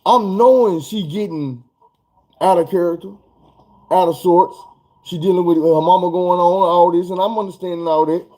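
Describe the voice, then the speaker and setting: A man telling a story in a casual vlog, animated and profane. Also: sits high, moderate pace.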